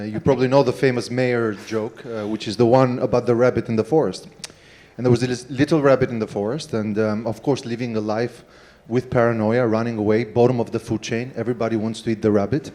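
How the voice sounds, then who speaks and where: Mayor on a panel, man, warm mellow tone, relaxed storytelling. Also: medium pitch, fairly quick. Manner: relaxed storytelling, many fillers. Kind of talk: panel speech with anecdote.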